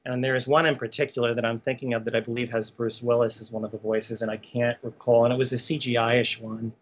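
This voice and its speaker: A man's voice: medium pitch, fast. A chatty man telling stories with frequent laughs. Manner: animated storyteller, laughs often, many asides. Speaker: guest, animation art conservation director. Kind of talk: conversational podcast interview.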